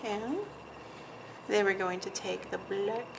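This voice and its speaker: This nail artist and channel host has a medium-pitched, steady voice with some vocal fry, and she talks at a slow pace with background noise behind her. While painting, she makes easygoing conversation, laughs a little, and frequently lets sentences fade out as she concentrates.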